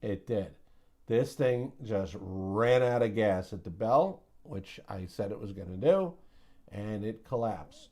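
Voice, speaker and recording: Mellow-voiced man hosting a trading recap. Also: lowish voice, lively intonation, takes it slowly. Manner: chatty and joking, with sound-effect mimicry. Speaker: host of a trading recap show. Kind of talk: casual market recap monologue.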